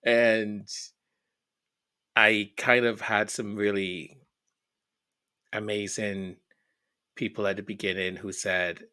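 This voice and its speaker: A man's voice: lowish voice, level tone, slow pace, long pauses, sharp tone, clean tone. A middle-aged man hosting his channel, chatting casually and emotionally as he reads viewer comments, often repeating words and hesitating. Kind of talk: casual chat.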